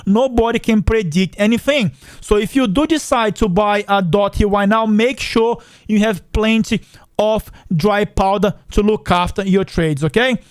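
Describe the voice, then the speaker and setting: A man who speaks English as a second language hosts a casual finance stream with a high, smooth voice. He chats and repeats himself, addressing his viewers directly. The sound is dry and close to the mic. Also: moderate pace, dry recording. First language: not English. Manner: chatty, repetitive, addresses viewers as guys. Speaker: finance channel host. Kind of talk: casual livestream chat reading comments.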